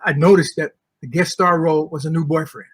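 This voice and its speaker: An older man as an interview guest, telling stories in an animated way and acting out the voices of people he quotes. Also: fairly high pitch, fairly quick, breathy edge. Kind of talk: storytelling interview. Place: comic convention.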